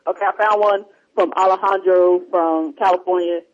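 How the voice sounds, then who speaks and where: A podcast host chats casually on his talk show, reading listener emails in a rambling, easily distracted way. His voice sits high with a steady tone at normal speed. He's on headphones over a remote line, and the sound is dull and lo-fi.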